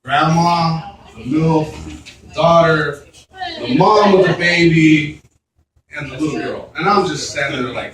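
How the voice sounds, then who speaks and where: A man's voice: a little high, very animated, a little slow, fairly bright tone. A man doing stand-up, telling a long story full of swearing and fillers, with an audience laughing. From Mexican heritage. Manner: profane, rambling, many fillers. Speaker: stand-up comedian. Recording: roomy club recorded from a distance.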